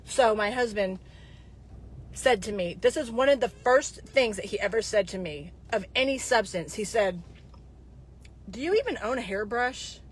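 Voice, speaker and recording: A woman's voice: medium pitch, moderate pace, slightly rough. A woman in her fifties talking casually to her viewers, rambling from one story to the next, with frequent digressions and restarts. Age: 50s.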